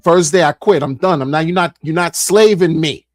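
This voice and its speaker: A middle-aged man, a streamer, telling a casual story in an animated way, repeating phrases and acting out what people said. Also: a little high, normal speed, no room sound, studio quality.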